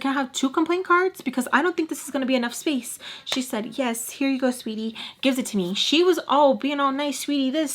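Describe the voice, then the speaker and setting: A young woman telling a casual storytime vlog, animated and profane, acting out quotes in other voices. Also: high voice. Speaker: storytime vlogger.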